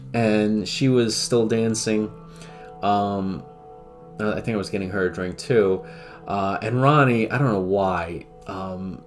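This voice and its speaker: A man casually telling a story as a streamer, animated, laughing often and acting out what people said. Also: on the low side. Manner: animated, laughs often, swears, acts out quotes.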